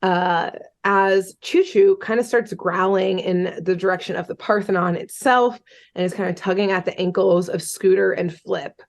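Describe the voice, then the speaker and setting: Chatty woman podcast host, mid-pitched. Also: normal speed, creaky. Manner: chatty, swearing, many fillers like "um" and "like". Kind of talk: casual chat, retelling a cartoon episode.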